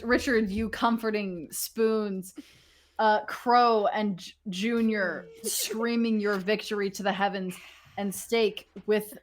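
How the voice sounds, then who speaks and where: A young woman narrating as game master of a tabletop game, lively and casual, laughing often and swearing freely. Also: mid-range voice.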